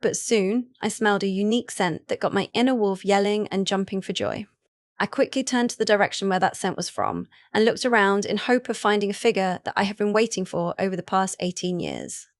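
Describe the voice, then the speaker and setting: A woman's voice: medium pitch, very animated, brisk. A woman narrating a first-person story in a casual, chatty way with asides to the listener.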